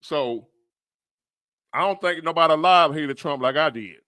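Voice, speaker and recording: Fired-up blunt man, bright dry voice. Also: a little high, moderate pace, no echo. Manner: blunt, profane, fired-up, rambling. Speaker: livestream commentator. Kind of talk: reaction commentary on a news clip.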